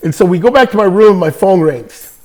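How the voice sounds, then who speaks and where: A casual storytelling interview features a podcast guest: an older man from California and former baseball player. He recounts anecdotes energetically, laughing often and using plenty of fillers, in a voice a little high for a man.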